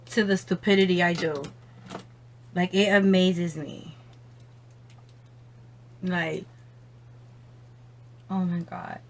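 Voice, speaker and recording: A young woman does her makeup on camera at home and chats on the phone as she goes. She drawls her words out slowly and swears freely. She keeps exclaiming and laughing between lines. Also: mid-range voice. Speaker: beauty vlogger. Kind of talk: casual makeup chat on the phone.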